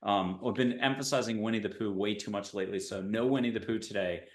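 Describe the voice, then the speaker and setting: A man's voice: lowish voice, quick pace, roomy sound. A man hosting an interview show in a casual, rambling way, cracking dad jokes. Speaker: podcast host. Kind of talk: casual video-call interview.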